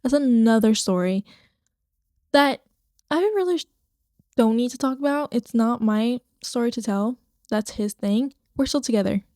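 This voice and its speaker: Chatty young woman, mellow dry voice. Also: fairly high pitch, dry recording. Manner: rambling, chatty, swears casually. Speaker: podcast host. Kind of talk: casual solo podcast chat. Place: home, recording to her computer screen. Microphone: podcast microphone.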